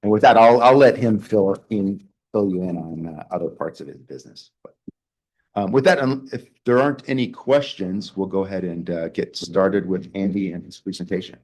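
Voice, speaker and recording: A low-pitched man opens a club meeting with a casual introduction. He talks haltingly and reads from his own handwritten notes. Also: darkish tone. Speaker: photo club host introducing a speaker.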